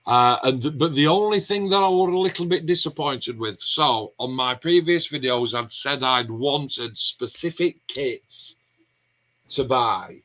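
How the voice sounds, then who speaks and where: A man hosting a casual vlog, talking through his stories in a loose, rambling way. His voice is bright and forceful, sitting at an ordinary middle pitch for a man. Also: a little slow, poor audio. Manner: rambling anecdotal storytelling. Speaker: vlog host. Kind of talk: casual chat.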